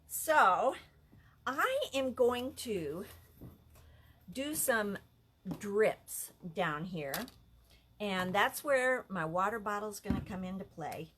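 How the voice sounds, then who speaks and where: A woman's voice: mid-range voice, expressive, slow, pauses often, a bit bright, a little hiss or hum. A woman leading a live craft lesson from an art center office, chatty and easily amused. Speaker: art instructor.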